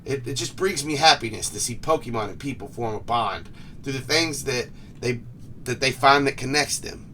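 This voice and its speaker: A man's voice: medium pitch, moderate pace, pushed and bright, pitched above the performer's own voice, close to an everyday voice. A man voicing a kind, earnest male doctor who speaks sincerely, recorded on a distant mic with faint noise. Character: gentle tall male doctor, warm-hearted.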